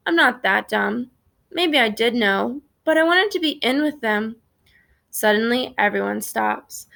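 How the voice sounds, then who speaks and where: Gravelly-voiced woman reading a storybook aloud. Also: a little high, measured pace. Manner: steady first-person narration. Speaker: reader.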